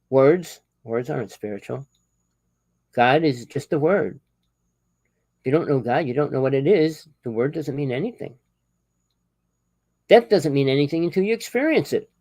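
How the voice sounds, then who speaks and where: A man delivers a spiritual monologue in a rather high voice, pressing the listener with one rhetorical question after another. His loudness swings from sudden emphatic bursts to quiet, low asides. The recording is dry, with almost no room sound. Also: no echo. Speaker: spiritual teacher.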